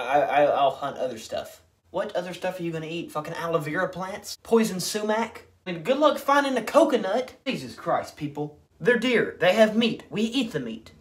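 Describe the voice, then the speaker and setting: A man ranting in a brash, sarcastic and profane comedic style. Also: fairly high pitch. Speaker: comedy commentator. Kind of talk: comedic rant.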